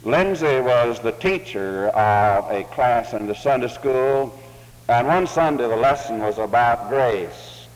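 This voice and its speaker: A man preaching a sermon, telling an illustrative story in a measured, deliberate way. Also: medium pitch, in a large hall, poor audio.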